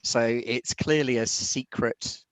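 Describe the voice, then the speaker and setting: A man narrating as game master of a tabletop role-playing game, in a calm, measured way. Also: mid-range voice, dry recording.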